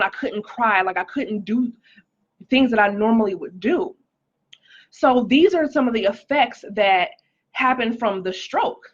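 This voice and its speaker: A woman's voice: fairly high pitch, animated, measured pace, highs cut off. A woman speaking casually on a livestream, sharing a personal testimony and greeting viewers by name, with frequent "like" and "um". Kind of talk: casual live-stream testimony.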